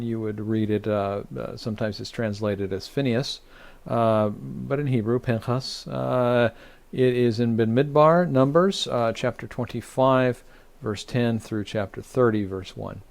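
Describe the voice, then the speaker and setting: Halting, gravelly-voiced rabbi teaching Torah. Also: male voice, medium pitch. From United States. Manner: halting, many "uh" fillers and restarts. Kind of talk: online Torah study teaching.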